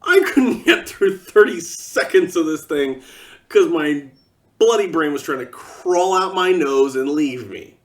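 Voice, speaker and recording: A man's voice: on the high side, unhurried, recorded from a distance. A man delivering an exasperated, sarcastic ranting monologue as a vlogger.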